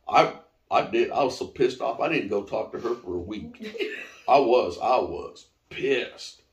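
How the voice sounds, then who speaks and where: A middle-aged man with a fairly low voice tells a story, animated and wry, with a casual swear here and there. His voice rings a little in a roomy, echoey space. It is relaxed, at-home interview talk. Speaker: interviewee, father of the host. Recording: roomy echo.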